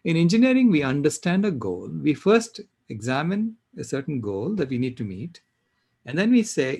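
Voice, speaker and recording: An older man tells a personal story to a panel in an animated, emphatic way. His pitch swings up and down as he stresses points. His voice is husky with a gravelly fry. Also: moderate pace, dry recording. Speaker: panel speaker.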